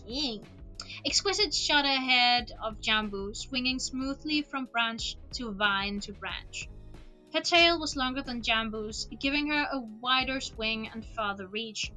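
A woman's voice: a little high, measured pace, sharp tone, soft background music, poor audio. A woman streamer reading a novel aloud expressively, with laughing asides, into a desk microphone.

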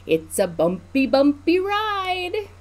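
A woman's voice: very high-pitched, huge pitch swings, slow pace, pitched above the performer's own voice, exaggerated voice. A woman voicing a friendly male rabbit farmer who runs an orchard, kindly and welcoming in a storybook.

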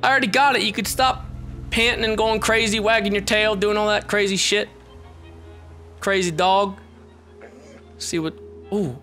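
A man giving excitable let's play commentary, swearing and shouting as he plays. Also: sits high, normal speed, long pauses. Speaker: gameplay commentator. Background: game music.

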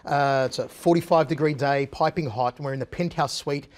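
Lively man telling a story. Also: fairly high pitch, fairly quick. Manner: animated, comic storyteller. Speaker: guest, former TV interviewer. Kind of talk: casual storytelling anecdote.

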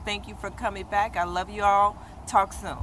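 A woman beauty vlogger talks casually and directly to her viewers, checking in with "okay?" as she goes. When she gets excited she repeats herself in quick bursts. Cars and street noise are clearly heard behind her. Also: medium pitch, rough recording. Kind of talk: casual chatty product review.

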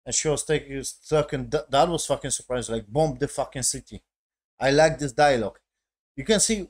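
Swearing excitable male reviewer. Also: medium pitch. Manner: excitable, heavy swearing, frequent tag questions. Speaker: video reviewer. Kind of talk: casual spoken review.

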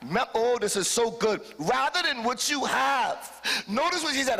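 Male bishop, high bright tenor, fervent sermon delivery in a long-reverb church hall. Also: lively intonation, moderate pace, husky. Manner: fervent preaching, calls to the congregation, sudden shouted peaks. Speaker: bishop preaching. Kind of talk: live sermon.

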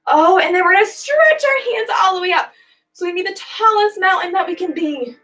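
Faint music hums beneath this poor-quality audio of a twenty-something woman teaching children's yoga online. Her very high voice is animated, a little fast and a bit bright. She keeps things sing-song and playful, meowing and barking along with each animal pose.

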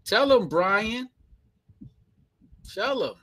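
A man's voice: high-pitched, drawn-out words, poor audio. A man with a Brooklyn accent hosting a live stream, chatting casually and slangily with viewers. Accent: Brooklyn, New York. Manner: slangy, animated, laughs often.

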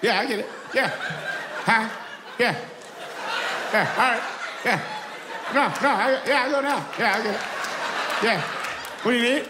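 A man's voice: extremely high pitch, unhurried, pauses often, crowd noise, noisy background. A comedian playing a meek, henpecked man who keeps agreeing on the phone. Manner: timid, repeats yes over and over. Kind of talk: stand-up comedy bit. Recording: live show, loud audience, echoey venue.

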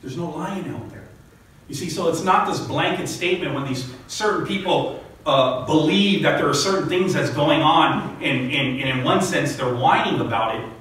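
A man's voice: fairly high pitch, normal speed, fairly bright tone, recorded from a distance. A male pastor preaching a sermon, rising to emphatic peaks and often asking "right?" as he talks. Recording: echoey hall, speaker off-mic.

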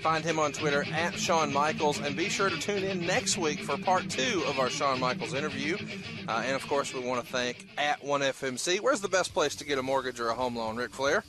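A man's voice: on the high side, brisk, music in the background. A man co-hosting a podcast, introducing segments in an upbeat casual way. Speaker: podcast co-host. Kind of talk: casual chat.

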